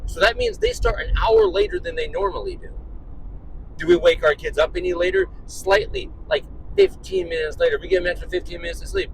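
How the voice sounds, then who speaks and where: A man's voice: high-pitched, big pitch swings, brisk, vocal fry, slight background noise, rough recording. A man telling an exasperated, profane story about his morning, ranting in his car. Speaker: vlogger and dad.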